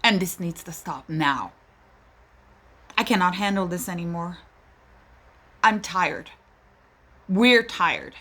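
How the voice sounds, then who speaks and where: A woman's voice: on the low side, lively intonation, slow pace, pauses often, bright, forceful tone. A woman, a mother, giving an emotional monologue, pleading and indignant. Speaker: mother speaking out. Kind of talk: impassioned personal monologue.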